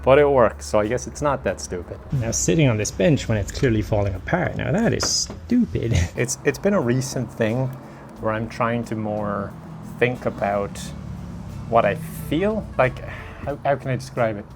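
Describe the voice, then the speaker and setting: A man's voice: medium pitch, expressive, moderate pace, vocal fry, over music. Self-mocking young man vlogging casually. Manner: self-mocking, rambling, laughs often. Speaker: YouTuber. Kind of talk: casual vlog talk to camera. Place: at home, indoors and outdoors. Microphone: phone camera.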